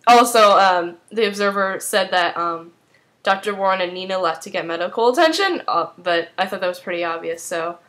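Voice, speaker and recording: A woman's voice: mid-range voice, lively intonation, brisk, fairly bright tone. A woman in a casual spoken recap as a fan, chatting loosely with lots of "um" and "like" fillers. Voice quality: rambling with many fillers, chatty.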